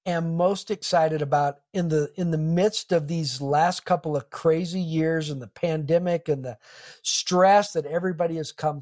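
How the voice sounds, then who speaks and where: A middle-aged man, a pastor and author, talking earnestly and reflectively in an interview, with a touch of humor. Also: a little high. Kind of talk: conversational interview.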